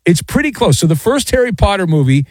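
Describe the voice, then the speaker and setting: A man's voice: sits high, sing-song, fast talker, a little mellow, no room sound. A middle-aged man hosting a radio show, rambling and joking as he reads listener messages. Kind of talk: casual sports radio talk. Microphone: studio microphone.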